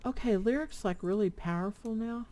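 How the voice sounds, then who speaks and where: A woman's voice: mid-range voice, moderate pace, dark tone. An older woman chatting casually while playing a game with her husband, often reading quest text aloud. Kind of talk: casual gameplay chat.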